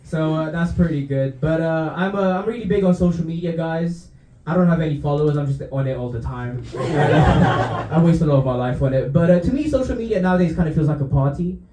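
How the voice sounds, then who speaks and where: A young man with a Romanian accent performs a laid-back, self-mocking stand-up set. His voice sits fairly high with a dark, mellow tone. He is heard in a roomy club from some distance off the mic. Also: brisk, a little hiss or hum. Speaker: stand-up comedian. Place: comedy club stage. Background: audience laughter.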